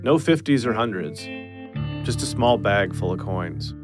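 A man narrating a true-crime podcast story in a measured, scripted way with dry understatement. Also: on the low side, lively intonation, over music.

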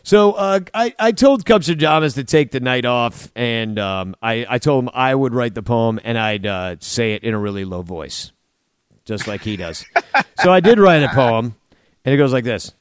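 Brief: male co-host, smooth mid-pitched voice, swearing and rambling casually. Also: animated, normal speed, no echo, clean studio sound. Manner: loose, profane, trailing off. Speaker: podcast host. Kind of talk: casual chat.

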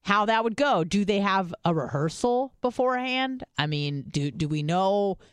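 A woman's voice: medium pitch, lively intonation, moderate pace, clear, resonant tone, no room sound, studio quality. A woman co-hosting a podcast, telling stories in casual chat and swearing freely. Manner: chatty storytelling, swears freely. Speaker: podcast co-host.

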